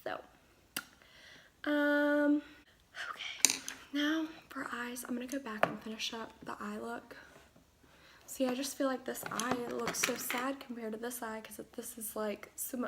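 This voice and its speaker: A young woman with a slightly high voice and a gravelly, fry-tinged edge chats her way through a makeup tutorial. She rambles, drifts into asides and fills gaps with fillers, as if talking to friends from her room. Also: steady tone, unhurried, very noisy. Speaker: beauty vlogger.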